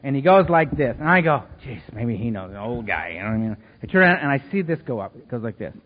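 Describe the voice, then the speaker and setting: A man's voice: mid-range voice, very animated, fast talker. A middle-aged man speaking at a recovery meeting, telling self-mocking, humorous stories with many conversational asides. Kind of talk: recovery talk with personal stories. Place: meeting hall before an audience. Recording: reverberant hall, dull lo-fi sound.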